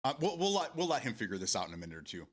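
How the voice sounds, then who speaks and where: A man's voice: on the low side, very animated, very fast. A man streaming games and chatting casually with his viewers, laughing often and swearing freely. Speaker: game streamer. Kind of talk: casual live-stream chat.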